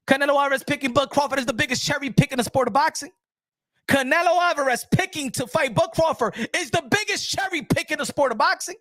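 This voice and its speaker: Excitable male boxing pundit. High voice, dry close recording, ranting delivery. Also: fairly quick, no room sound. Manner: excitable, ranting, with repeated restarts. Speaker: boxing commentator. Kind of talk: animated boxing commentary.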